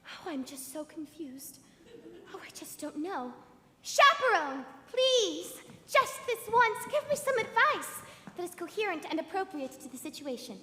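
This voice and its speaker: A woman's voice: extremely high pitch, very animated, a little slow, bright, forceful tone, full character voice. A young woman playing a bubbly, theatrical starlet bride who talks in a showy, melodramatic way. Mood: dramatic. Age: teens. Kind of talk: stage musical acting. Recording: reverberant auditorium stage.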